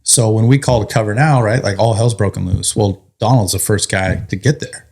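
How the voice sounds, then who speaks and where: This man is a firefighter sharing a story as a guest in an interview. He speaks fairly quickly in a fairly low, gravelly voice, animated throughout, cursing offhandedly and laughing through the humorous moments.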